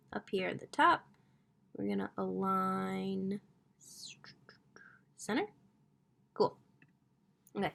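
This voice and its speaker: Here a twentysomething woman runs a laid-back crafting tutorial, gushing, chatty, and addressing viewers as "guys" while she thinks out loud. Her mid-range voice is gravelly yet fairly bright.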